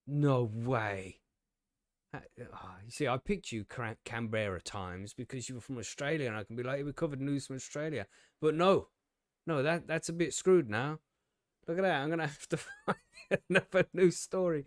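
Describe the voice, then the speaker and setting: A man's voice: mid-range voice, moderate pace, no room sound. A man in his usual middle register hosts a casual live stream, rambling through technical trouble and poking fun at himself. He swears freely and laughs easily. The sound is close and dry, with no room around it. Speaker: podcast host.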